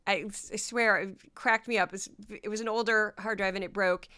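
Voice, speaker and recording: A woman's voice: medium pitch, fairly even intonation, a little fast, sharp tone, clear, resonant tone. A woman from Missouri hosting a solo podcast, talking in a casual, sarcastic and mocking way. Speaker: podcast host.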